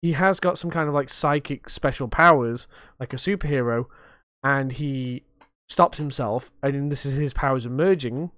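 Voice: mid-range voice, dry recording, studio quality. A young adult podcast host chatting casually, rambling and swearing freely with a self-mocking streak.

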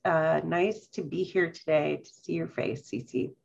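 A woman co-hosting a podcast in casual chat, talking slowly and thoughtfully and reading passages aloud with care. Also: low voice, fairly even intonation, creaky, a little mellow, breathy edge, highs cut off. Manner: slow, thoughtful, reads passages aloud carefully. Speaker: podcast co-host.

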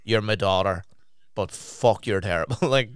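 Laid-back man, smooth voice. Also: on the low side, moderate pace, no echo, clean studio sound. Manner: swearing, storytelling with laughs and acted quotes. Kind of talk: casual chat.

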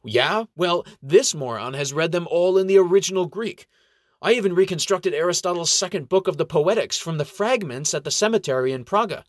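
A man's voice: sits high, fairly quick, no echo, studio quality, pitched above the performer's own voice, natural voice. A man voicing a short, hot-tempered male gnome monk who needles others with sarcastic retorts. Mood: heated.

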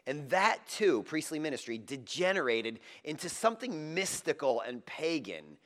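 A man preaching a sermon, moving between loud, emphatic lines and soft, hushed passages. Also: a little high, very animated, moderate pace. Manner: dramatic, swinging from loud emphasis to hushed tenderness. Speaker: pastor.

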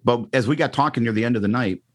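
A middle-aged radio DJ from the Chicago area, Northwest Indiana, is a guest in a casual interview, telling a story. His voice is mid-range and a bit bright, at a quick pace, and he acts out quotes with lots of ums and restarts.

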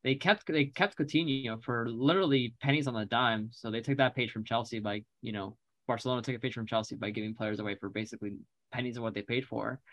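A man's voice: mid-range voice, fairly even intonation, fast talker, few pauses, a bit bright, dry recording, lo-fi sound. Casual man chatting on a dry mic. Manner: rambling, joking, lots of fillers. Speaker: podcast co-host. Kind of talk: casual sports chat.

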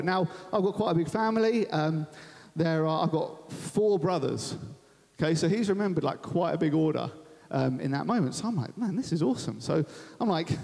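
Guest preaching in a big church, a young man from Thanet, Kent, in England, weaves personal stories into his sermon with chatty self-deprecation. He has a fairly high, slightly mellow voice with some vocal fry, and the church hall gives a long reverb.

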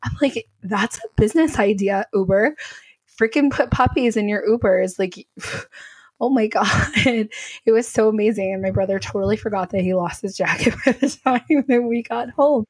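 A woman's voice: medium pitch, normal speed, breathy edge, dry recording. A young woman, co-hosting a casual podcast and telling stories in a bubbly, gushing way. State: tearful, crying. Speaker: podcast co-host.

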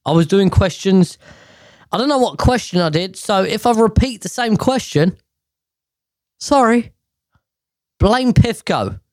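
In casual solo podcast chat recorded on a podcast mic, a man in his 30s rambles, swears and vents his exasperation. He has a high voice and an unhurried pace broken by long pauses.

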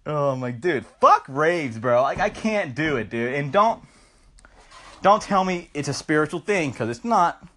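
A man's voice: fairly high pitch, sing-song, takes it slowly, pauses often, a bit bright, a little hiss or hum. A stoned young man hosting a podcast, telling a rambling, profane comic story into his phone. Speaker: podcast host.

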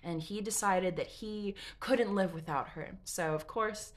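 A woman's voice: mid-range voice, unhurried. A woman casually retelling a story in a chatty, digressive, frank way, with asides and swearing.

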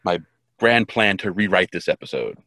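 A man's voice: deep voice, animated, moderate pace, sharp tone, dry recording, studio quality. A man co-hosting a podcast, chatting casually and joking through retakes, often stammering and restarting. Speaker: podcast co-host. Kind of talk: casual outtake banter.

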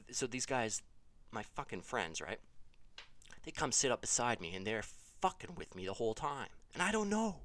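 A man telling a funny story in a loose, swearing, self-interrupting way. His voice leaps up and down as he gets exasperated. The recording is dry and close, with no room sound. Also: no echo. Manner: rambling, profane, self-correcting; animated, jumps to high exasperated pitch. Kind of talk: casual comedic storytelling.

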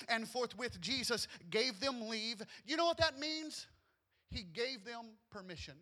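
A man's voice: sits high, animated, moderate pace, sharp tone. A man pastor delivering a sermon, reading scripture and preaching in an emphatic, playful way.

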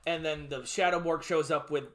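High, bright-voiced excitable man. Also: brisk. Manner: excitable, swears freely, acts out scenes. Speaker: podcast co-host. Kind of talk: casual recap chat.

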